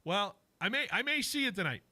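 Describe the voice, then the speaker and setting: A man's voice: sits high, animated, brisk, bright, forceful tone, no room sound. A man hosting a local sports radio show, chatting casually with plenty of fillers. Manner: upbeat, filler-heavy. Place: radio studio. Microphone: studio mic.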